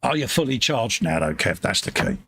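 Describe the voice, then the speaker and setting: A man's voice: mid-range voice, big pitch swings, fairly quick, bright, forceful tone, breathy edge, no echo. A British man hosting a casual livestream from his home hobby workshop, joking and reading out viewer comments. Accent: British English. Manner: jokey, chummy, reads viewer comments aloud. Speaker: livestream host. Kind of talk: casual chat.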